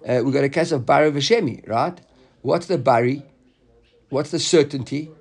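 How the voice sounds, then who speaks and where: A man's voice: mid-range voice, normal speed, breathy edge. A man giving an informal Talmud lesson, explaining the text in a loose, chatty way and often repeating words as he thinks aloud. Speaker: Talmud teacher.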